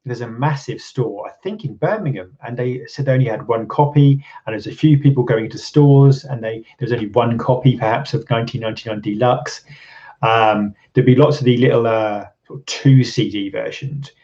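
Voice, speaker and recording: A man's voice: medium pitch, normal speed, a little mellow, highs cut off. A man from England hosting a casual live stream, rambling with lots of ums and restarts and chuckling often. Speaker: channel host. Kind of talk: casual live-stream chat reading viewer comments.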